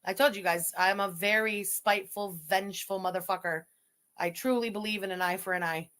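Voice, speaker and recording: A woman livestreamer on an angry, profane rant, shouting insults at her audience. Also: mid-range voice, fairly even intonation, a little fast.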